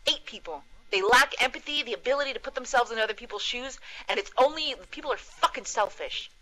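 A woman's voice: fairly high pitch, animated, quick pace, pushed and bright, low-quality recording. Foul-mouthed woman on a heated rant. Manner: profane, blunt ranting. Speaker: gamer in voice chat. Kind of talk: heated casual venting. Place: home.

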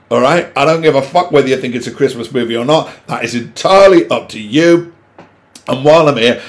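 A middle-aged man, talking to camera in an exasperated, sweary rant with sudden loud outbursts. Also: mid-range voice. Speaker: vlogger. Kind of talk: opinionated monologue to camera.

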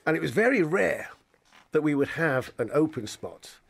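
A man's voice: on the high side, big pitch swings, normal speed, vocal fry, husky, no echo. A man hosting a radio chat show, asking short questions and reminiscing about the comedy club scene. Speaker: radio host.

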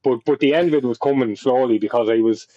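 A man's voice: medium pitch, fast, dry recording, lo-fi sound. A young Irish man telling a long personal story in a casual, rambling way, with lots of swearing and restarts. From Ireland. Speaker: podcast guest.

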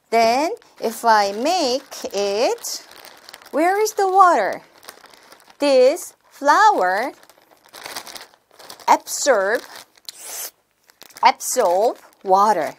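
Young woman teaching kids in english, slow and sing-song, fairly high voice. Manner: slow, sing-song classroom talk with repeated words. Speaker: teacher demonstrating a class. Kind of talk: sample lesson for teachers.

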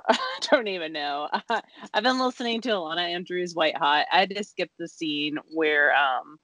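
A woman with a low-sitting, slightly bright voice co-hosts a craft podcast at a moderate pace, with no room sound in the recording. She chats casually, giggling a lot and rambling with many fillers.

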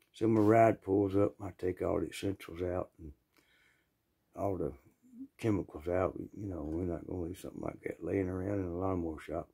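A Southern man spins a casual, rambling yarn in a plainspoken, folksy drawl. His voice sits a bit low and sounds mellow and relaxed, with frequent throat-clearing between phrases. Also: normal speed, pauses often. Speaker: storyteller. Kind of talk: casual storytelling.

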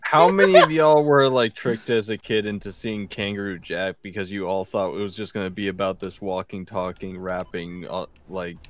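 A man's voice: lowish voice, normal speed, few pauses. A man in a casual game-stream chat, telling rambling stories and swearing. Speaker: stream co-player.

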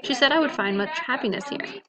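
A woman's voice: sits high, lively intonation, fairly quick, crowd noise, voice pushed up. A woman doing a shy young girl.

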